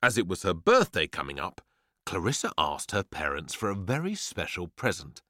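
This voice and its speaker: A man reading a children's story with a playful, theatrical flair. His voice sits a little low but leaps around constantly. The sound is dry and close. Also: wildly swooping pitch, moderate pace, bright, forceful tone, no room sound. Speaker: narrator.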